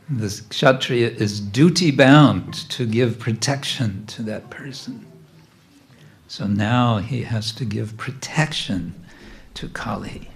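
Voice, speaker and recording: A man giving a devotional class about religious paintings, speaking in a halting, gently humorous way with many fillers. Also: medium pitch, gravelly.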